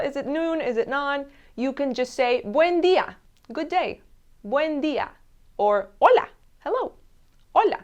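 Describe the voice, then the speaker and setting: A woman teaching a language lesson, saying each travel phrase slowly and clearly and repeating it. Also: fairly high pitch. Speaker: Spanish teacher.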